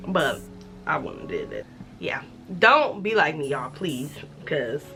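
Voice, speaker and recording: Bright-voiced woman telling a profane story. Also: sits low, slow pace, faint music behind. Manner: animated, profane, acts out quoted dialogue. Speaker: vlogger. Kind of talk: casual story time.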